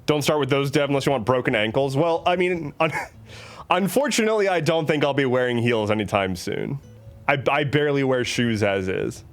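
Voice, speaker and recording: A man streaming live, chatting casually with a playful, rambling, jokey manner. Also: mid-range voice.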